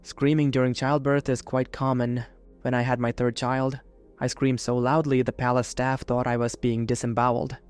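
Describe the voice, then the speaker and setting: A man voicing an ancient Sith woman's spirit kept in a holocron, speaking with gentle, motherly patience. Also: mid-range voice, level tone, normal speed, smooth, faint music behind, close to an everyday voice.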